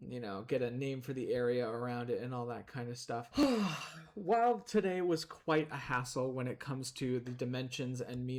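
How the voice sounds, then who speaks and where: A young man chats his way through a gaming stream in a relaxed, rambling way. He talks at a middling pitch and sometimes speaks between bites of food. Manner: chatty, rambling, talks while eating. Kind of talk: casual gameplay commentary.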